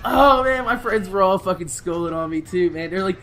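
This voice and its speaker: A man's voice: sits high, fairly quick, a little hiss or hum. A man in his late twenties, a gaming channel host, telling a long story in a rambling, heavily profane street-slang way. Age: late 20s. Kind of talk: storytelling over gameplay.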